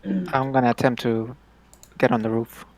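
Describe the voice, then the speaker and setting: Man, mid-pitched, hesitant tabletop player. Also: expressive, moderate pace. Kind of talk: tabletop role-play.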